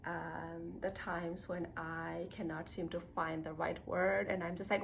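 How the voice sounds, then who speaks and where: A young woman vlogs a casual personal monologue in a mid-range, creaky voice with a steady tone, normal speed and few pauses. The recording is low-quality with a little hiss or hum. She rambles, uses "like" constantly and laughs at herself.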